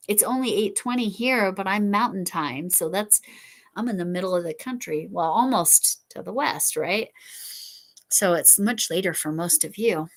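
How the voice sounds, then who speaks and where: A middle-aged woman hosting a casual crochet livestream, rambling and apologetic as she answers viewer comments. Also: medium pitch. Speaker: livestream host. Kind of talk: casual chat while crocheting.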